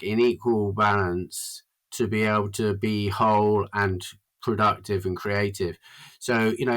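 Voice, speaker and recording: A man's voice: lowish voice, fairly bright tone. A man talking casually as a podcast guest, rambling and earnest, with lots of fillers. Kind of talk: casual chat.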